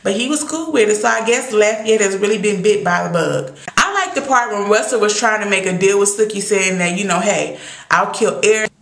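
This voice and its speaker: A woman's voice: mid-range voice, a little fast, vocal fry. A young woman recapping a TV episode in casual, sassy, opinionated talk full of exclamations. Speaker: TV recap vlogger. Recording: echoey room.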